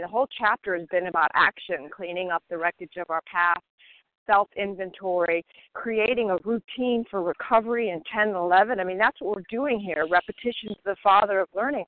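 A woman's voice: mid-range voice, no room sound. A woman from Maryland sharing earnestly at a recovery phone meeting. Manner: earnest, emphatic, steady. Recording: dry tinny phone line.

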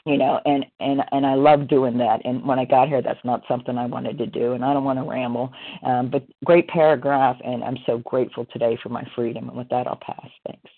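A woman's voice: a bass voice, steady tone, a little fast, hardly any pauses, slightly rough. A woman in her sixties speaks in a rambling, heartfelt way, leaning on filler words as she shares at a recovery meeting. She is on a video call, and her voice comes through a narrow, tinny, phone-like line. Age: 60s. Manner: rambling, heartfelt, full of "you know" fillers. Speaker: meeting member sharing. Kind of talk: casual sharing at a recovery meeting.

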